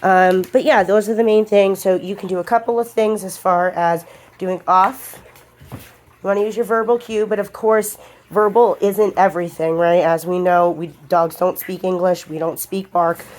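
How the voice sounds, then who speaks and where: A woman's voice: lowish voice, steady tone, normal speed, darkish tone. A woman dog trainer explaining a lesson to viewers while she works a puppy, giving firm short commands in between. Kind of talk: hands-on training demonstration.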